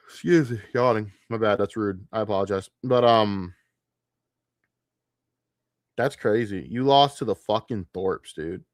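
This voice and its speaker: A man's voice: lowish voice, unhurried, pauses often, no echo, studio quality. A man streaming late at night, ranting with a lot of profanity and getting easily distracted.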